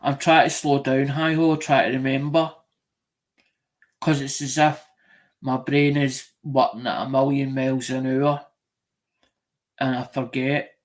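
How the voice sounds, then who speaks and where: A man's voice: medium pitch, level tone, unhurried, long pauses. A man with a Scottish accent chatting casually on a live stream, rambling and often restarting and repeating himself.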